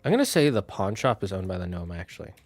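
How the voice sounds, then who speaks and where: A man thinking aloud on a casual solo stream, building out a fantasy town with halting, restarting speech. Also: low voice, big pitch swings, no room sound.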